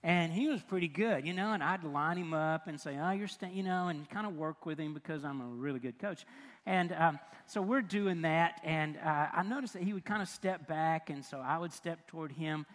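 Older preacher with a high, ringing voice. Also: male voice, normal speed. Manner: animated, self-mocking storytelling with chuckles. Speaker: pastor. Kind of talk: storytelling sermon. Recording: long reverb of a large hall.

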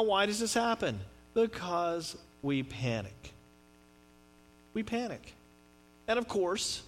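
A middle-aged man preaching a sermon in a conversational, joking way, with swings from loud to quiet. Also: high-pitched. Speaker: pastor.

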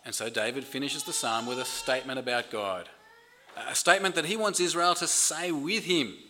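A man's voice: mid-range voice, normal speed, bright, forceful tone, a little hiss or hum. A man preaching a sermon in an earnest way, often repeating words as he builds emphasis. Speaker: pastor.

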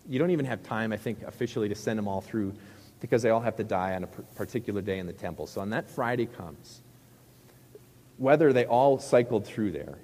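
A man's voice: on the low side, darkish tone, long reverb tail. A middle-aged male pastor preaching a sermon in a conversational, joking way, with rhetorical questions to the crowd.

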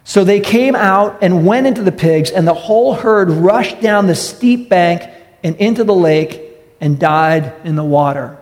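Man, pastor, sermon, emphatic and direct, rhetorical questions, slightly high voice, long church-hall echo. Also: unhurried, a little mellow. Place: church sanctuary.

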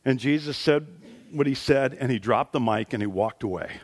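A man preaching a sermon as a pastor in a church, animated and conversational, rising in pitch and volume at his high points. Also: normal speed, husky. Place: church sanctuary.

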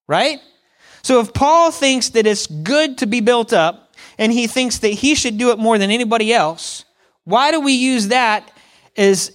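A man preaching a sermon as a pastor, lively and playful, often asking the congregation questions. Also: high voice.

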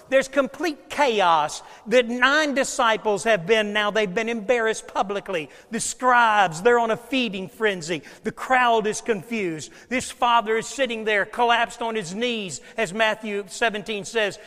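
A man with a high voice preaches to a congregation, his words trailing off into a long hall reverb. He swings from loud, emphatic declarations to hushed, quiet asides as he works through scripture. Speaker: pastor. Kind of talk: sermon.

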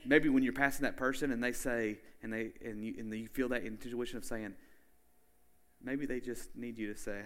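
A man's voice: medium pitch, steady tone, normal speed. A man preaching a sermon in a casual, conversational way, often saying "like" and checking in with his listeners. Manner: casual and chatty, with frequent "like" and questions to the listeners.

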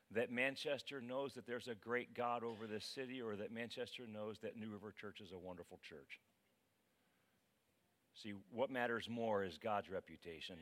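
A man preaching a casual, conversational sermon as pastor, dramatic and animated. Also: on the low side.

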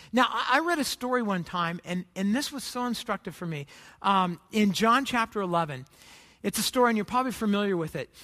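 Bright-voiced pastor in a reverberant hall. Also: mid-range voice. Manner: conversational storytelling, many restarts and rhetorical questions. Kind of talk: sermon.

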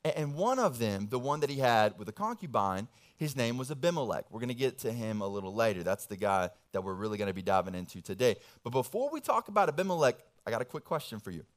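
A young man, a pastor, giving a casual, animated sermon full of slang and family stories. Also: mid-range voice, fast, hardly any pauses.

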